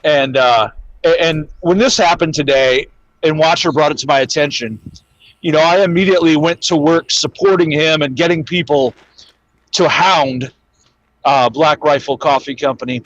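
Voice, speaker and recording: A man speaking as a guest in a casual chat, steady and earnest, often restarting his sentences. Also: on the high side, moderate pace, no room sound. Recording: dull, dry remote line.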